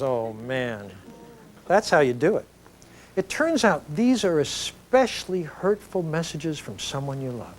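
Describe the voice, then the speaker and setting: Man giving a conversational lecture. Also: a little high. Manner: conversational, animated storytelling with tag questions. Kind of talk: educational video lecture.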